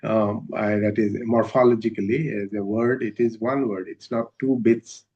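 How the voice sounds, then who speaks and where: A man giving a university lecture in a measured, hesitant way, with many filler sounds. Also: lowish voice, steady tone, darkish tone, breathy edge. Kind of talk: academic lecture. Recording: dull lo-fi recording.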